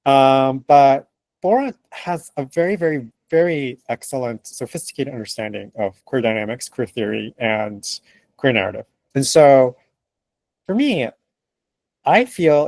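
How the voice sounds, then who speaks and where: A man being interviewed as a translator. He speaks in an animated, emphatic way, laughs often and acts out what other people say. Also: fairly high pitch, no room sound. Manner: animated and emphatic, laughing, acting out quoted remarks. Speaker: translator, guest. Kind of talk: conversational interview answers.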